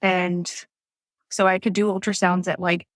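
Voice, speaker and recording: A woman's voice: lowish voice, level tone, measured pace, no echo. A woman who works as a nurse, telling her story as a podcast guest in a chatty way with many fillers. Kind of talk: casual storytelling interview.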